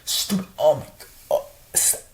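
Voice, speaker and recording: A young woman store worker ranting in a casual vlog, swearing often and exasperated, full of fillers. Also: normal speed.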